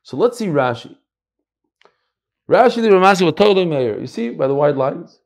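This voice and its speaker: Animated American rabbi teaching. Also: male voice, on the high side, normal speed, gravelly. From United States. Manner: animated, emphatic, drops in Hebrew and Yiddish terms. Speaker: Torah teacher. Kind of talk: Talmud class lecture.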